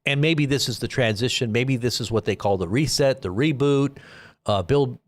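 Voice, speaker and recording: A man's voice: medium pitch, moderate pace. A middle-aged man hosting a live online news commentary show, talking in a sarcastic, rambling way and reading quotes aloud with mocking emphasis.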